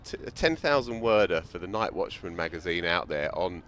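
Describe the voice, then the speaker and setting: Guy doing cricket commentary, lowish voice, bit of noise behind. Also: animated, fairly quick, fairly bright tone. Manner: reflective, anecdotal storytelling.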